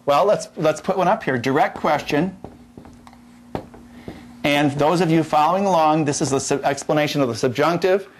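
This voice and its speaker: A middle-aged man lectures on Latin grammar in a classroom with a slightly raised pitch. He talks in a folksy, jokey way, stumbling over restarts and repeating key points for his students. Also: moderate pace. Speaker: Latin teacher.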